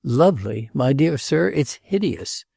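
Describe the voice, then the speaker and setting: A male audiobook narrator voicing a restless, earnest princess who speaks gravely and pleads. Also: medium pitch, very animated, a little slow, warm tone, dry recording, clean studio sound, voice pushed up, full character voice. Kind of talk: audiobook character reading.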